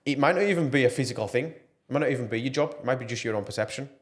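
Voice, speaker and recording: A man's voice: medium pitch, racing. A man talking earnestly and passionately as a podcast guest, with plenty of fillers. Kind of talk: casual podcast interview.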